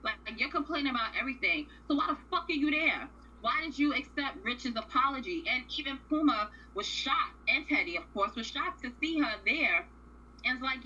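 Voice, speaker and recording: A woman's voice: fairly high pitch, expressive, moderate pace, bright, forceful tone, highs cut off, slight background noise. A woman co-hosting a radio show, casually recapping a reality series in a blunt, profane, opinionated way.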